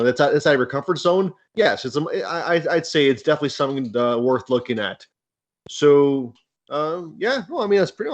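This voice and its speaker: Hesitant podcast panelist, dull sound. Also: male voice, medium pitch. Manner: measured, hesitant with fillers. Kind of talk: casual chat.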